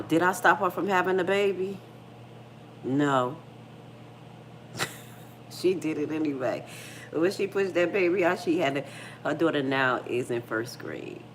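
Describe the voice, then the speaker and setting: A middle-aged woman hosts a casual livestream and talks bluntly, with plenty of profanity. Her voice sits low, and she tells stories in an animated way. Faint noise hums underneath. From United States. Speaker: livestream host.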